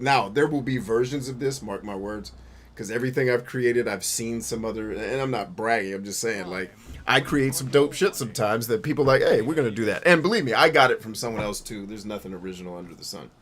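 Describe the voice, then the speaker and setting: A man's voice: medium pitch, fairly quick, a little hiss or hum. Boisterous, swearing gamer guy. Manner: boisterous and playful, bursts into loud shouts and laughter; heavy slang and swearing. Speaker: gaming show host. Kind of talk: casual gameplay commentary.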